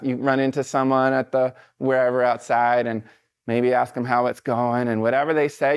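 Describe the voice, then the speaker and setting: A middle-aged man giving a casual, conversational motivational talk from a stage to a live audience, encouraging and relaxed, with frequent fillers. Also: medium pitch, vocal fry, no echo, studio quality.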